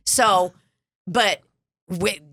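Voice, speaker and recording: A woman's voice: medium pitch, very slow, fairly bright tone, a little hiss or hum. A woman co-hosting a comedy podcast, chatting casually, laughing often and swearing freely. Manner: giggly, swears freely, breaks into silly voices. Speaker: podcast co-host.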